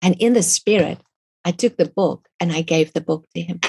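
A woman's voice: lowish voice, moderate pace, gravelly, mellow, husky. A middle-aged woman, an author and guest, telling her faith story in a fervent, earnest way. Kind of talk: personal faith testimony.

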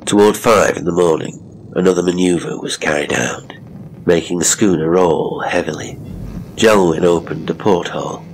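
A man narrates a classic horror story in a measured, dramatic way. His voice sits very low and has a gravelly texture. Faint noise runs underneath.

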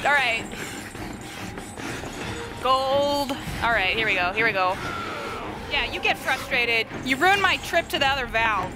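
A woman's voice: high-pitched, lively intonation, a little slow, long pauses, music in the background. A young woman live-streaming a horror game, chatting with viewers and shrieking at scares. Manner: screams and laughs at jump scares, chats with viewers.

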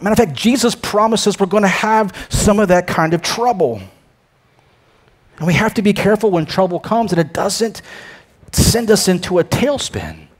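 A man preaching a sermon as pastor, emphatic, swinging between loud proclamations and quiet asides, often repeating words as he starts a phrase. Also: high-pitched. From United States.

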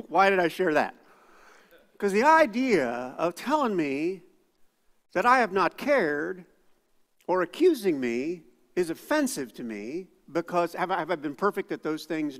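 A middle-aged pastor preaches with a lively, expressive delivery. He drops to quiet asides, then rises into loud outbursts. His high, bright voice rings through a church hall with a long reverb. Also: slow pace, pauses often. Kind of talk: sermon. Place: church sanctuary.

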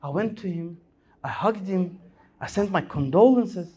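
Male preacher at a lectern mic, fervent sermon voice that swoops high and low. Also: animated, measured pace, warm tone, slightly rough. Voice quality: impassioned, rising and falling delivery. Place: Islamic center hall.

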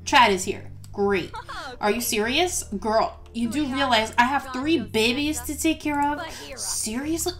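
A woman casually commentating her game, excitable and giggly, with lots of ums and surprised exclamations. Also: high-pitched, unhurried. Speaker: gameplay video host.

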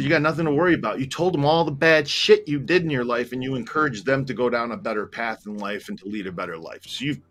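A man with a bright, forceful voice tells a long story in loose conversation. He rambles, circles back, and swears freely, and his feelings show as he goes. Faint music sits low behind him. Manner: candid, rambling, swears freely, grows emotional. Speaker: tour operator telling a story. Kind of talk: casual storytelling chat.

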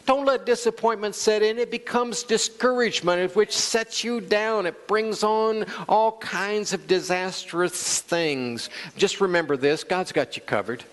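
A man's voice: high-pitched, fairly bright tone. A male pastor preaching a sermon, calling out to the congregation and acting out quoted voices. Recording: long church hall reverb.

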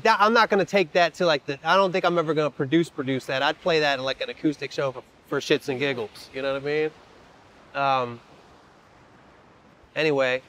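A rapper and songwriter talking casually while working out a song, loose, rambling and profane, laughing often. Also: male voice, a little high, a bit bright. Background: his own acoustic guitar playing.

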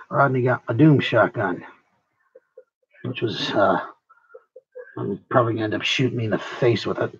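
A man's voice: medium pitch, a little slow, long pauses, slightly rough, dull audio. A man hosting his own channel, rambling and joking with viewers as he works on a craft project. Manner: rambling, joking, talks to viewers while working. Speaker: prop maker and channel host. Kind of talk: casual workshop chatter.

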